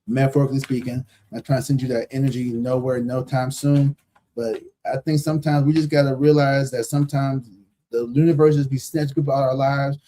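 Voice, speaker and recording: This thirty-something tarot reader runs his live stream in a mid-range, level, mellow voice at a brisk clip, with a little hiss or hum behind him. He's slangy and blunt, swears freely, says things twice for emphasis, and laughs a lot.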